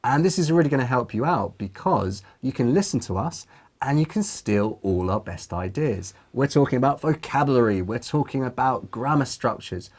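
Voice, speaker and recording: A man from London co-hosting an English exam lesson, chatting and then giving a relaxed spoken answer. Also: medium pitch, moderate pace, slightly rough. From London, England. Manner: chatty, explains with examples. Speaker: IELTS teacher, co-host. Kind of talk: casual lesson and mock speaking answer.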